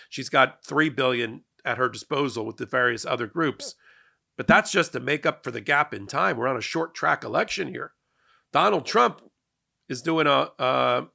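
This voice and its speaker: A man's voice: a little high, creaky, pushed and bright. A man hosting a legal and political commentary show, talking in a sarcastic monologue and often repeating words as he starts sentences.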